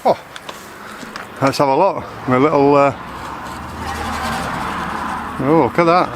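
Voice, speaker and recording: A man's voice: on the high side, moderate pace, noisy background. Chatty man outdoors. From Lancashire, England. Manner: rambling, chatty, self-correcting. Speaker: vlogger. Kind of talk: casual outdoor vlog chat. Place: outdoors in a garden.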